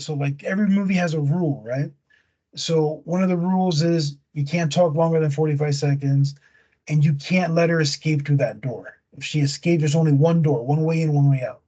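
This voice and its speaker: A husky, slightly high-voiced man talks loosely and animatedly, slangy as he walks through a scary movie's plot. The recording sounds dull and lo-fi. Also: fairly even intonation, moderate pace, mellow. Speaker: podcast host. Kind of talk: casual chat retelling a movie plot.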